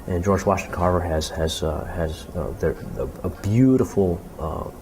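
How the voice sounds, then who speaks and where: Low-voiced man, halting interview talk. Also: slight background noise, rough recording. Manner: halting, many restarts, animated when quoting people. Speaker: interviewee, jazz clarinetist. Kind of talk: reflective conversational interview.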